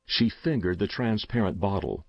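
A man reading a first-person short story aloud in a measured, somber way. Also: fairly low pitch, lively intonation, gravelly, no room sound, highs cut off. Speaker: narrator.

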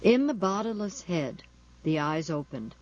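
An audiobook narrator reading a novel in a measured, deliberate storytelling manner. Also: medium pitch, big pitch swings, darkish tone. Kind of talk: scripted narration of a horror novel. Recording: dull lo-fi recording.

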